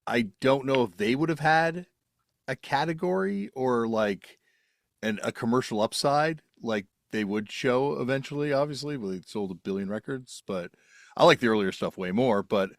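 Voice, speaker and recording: A man hosting an interview podcast, chatting in a relaxed, musing way. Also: medium pitch, moderate pace, no room sound, clean studio sound. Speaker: podcast host. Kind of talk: casual interview.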